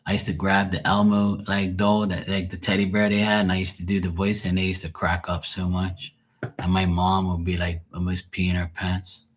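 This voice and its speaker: A man's voice: low voice, level tone, normal speed. A man with a Bermudian accent chatting casually on a livestream as a tarot reader, rambling and swearing freely. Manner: rambling, profane, laughs often. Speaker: live tarot reader and streamer.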